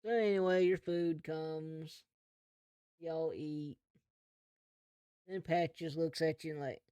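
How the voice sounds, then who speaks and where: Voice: mid-range voice, steady tone, slow pace, pauses often, warm tone, smooth, no echo. A game master narrating a western tabletop game in an easygoing, chatty way. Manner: easygoing storytelling with laughs.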